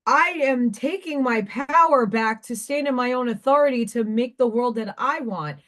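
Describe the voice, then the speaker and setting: A woman hosting a craft livestream, ranting in an emotional, repetitive way and sounding tearful. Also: on the high side. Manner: emotional, ranting, repeats herself. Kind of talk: casual live-stream monologue.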